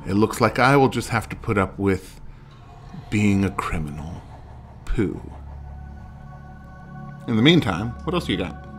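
A man's voice: fairly low pitch, lively intonation, a little slow, pauses often, faint music behind. A man giving wry, joking running commentary while playing a video game. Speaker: let's play gamer. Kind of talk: casual gameplay commentary.

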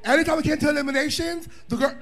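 A man with a very high speaking voice tells a story in an animated way. He is loud and cheeky, swears freely, and laughs as he goes, like someone on a panel at a bar viewing party. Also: very fast. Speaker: drag performer guest. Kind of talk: animated live panel chat.

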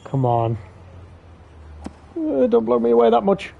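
A man commentating his own video game play on a live stream, swearing often and getting excitable. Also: extremely high pitch, a little slow, gravelly, phone-quality sound, slight background noise. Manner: sweary, excitable, talks to himself while playing.

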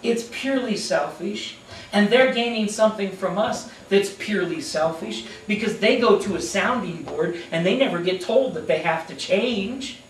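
High-pitched pastor guy preaching, lively, echoey room w faint hum. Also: far from the mic. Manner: animated, acts out characters in quick asides. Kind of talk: sermon. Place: church sanctuary.

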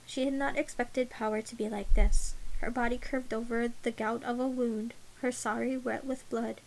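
A woman reading an audiobook in a measured, unhurried way. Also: a little high, steady tone, gravelly, a little hiss or hum, rough recording. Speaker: audiobook narrator. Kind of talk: audiobook narration.

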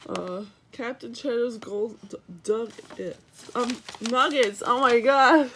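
A young woman vlogging an unboxing at home, just woken up and yawning, cooing at her dog in high baby talk between sleepy asides. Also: slow pace, a bit bright, a little hiss or hum. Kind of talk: casual unboxing vlog.

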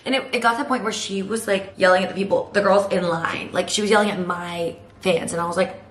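A young woman, telling a story to camera in a rapid, chatty way full of "like.". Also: mid-range voice, fairly even intonation. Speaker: vlogger. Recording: roomy echo, faint background noise.

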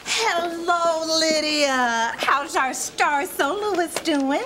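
An actress playing a bossy, dramatic high-school teacher in a TV sitcom, theatrical and whiny when she pleads. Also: drawn-out words, noisy background, heavily acted. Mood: haughty. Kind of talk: sitcom acting.

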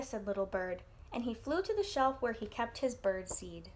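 A woman teacher reading a children's storybook aloud in an expressive, animated way for an online class. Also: normal speed, slight background noise. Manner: expressive, voices characters with lifted pitch.

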